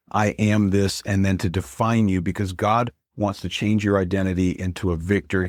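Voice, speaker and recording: A man's voice: on the low side, dry recording, studio quality. A male pastor and author, a guest in an interview, talking in an earnest, encouraging way as he thinks aloud. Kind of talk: interview conversation.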